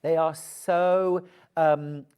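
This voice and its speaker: A woman with a low voice hosts a live shopping show from a TV studio. She talks with bubbly enthusiasm and keeps urging viewers to check out their baskets quickly. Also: fairly even intonation, clean tone, lo-fi sound. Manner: enthusiastic, gushing, urges viewers to buy. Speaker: shopping channel presenter. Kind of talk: live TV sales presenting.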